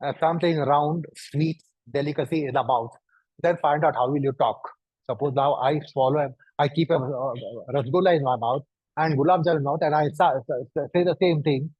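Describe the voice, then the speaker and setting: A man giving a lecture, speaking deliberately and piling up synonyms for emphasis. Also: a little high, steady tone, breathy edge, no echo. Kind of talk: lecture to an audience. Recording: dull, dry recording.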